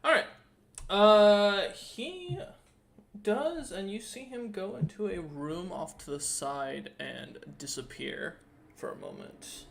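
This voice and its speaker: Halting man running a tabletop game. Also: high voice, lively intonation, gravelly, a bit bright. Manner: halting, many fillers and pauses. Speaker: dungeon master.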